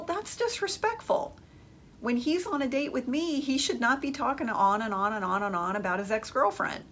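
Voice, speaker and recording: A woman's voice: fairly high pitch, a bit bright, slight background noise. A woman hosting an advice podcast, speaking emphatically and conversationally as she addresses her listeners directly. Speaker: dating advice host.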